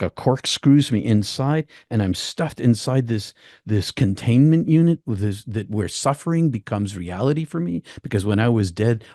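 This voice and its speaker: A man telling a personal story as a podcast guest, halting and repeating words as he goes. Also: mid-range voice, warm tone, no echo, studio quality.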